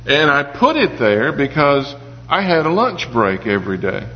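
A man with a medium-pitched voice preaches a sermon at a moderate pace, his pitch swinging widely. He speaks earnestly and personally, sharing stories from his own life with occasional restarts. The recording is from a reverberant hall, with dull sound and a faint hum.

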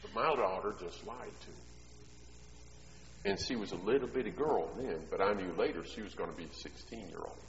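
A man's voice: sits low, brisk, slight background noise. Middle-aged man preaching in an echoey hall. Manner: conversational storytelling that swells into loud emphatic preaching. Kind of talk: sermon. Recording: echoey hall, dull sound.

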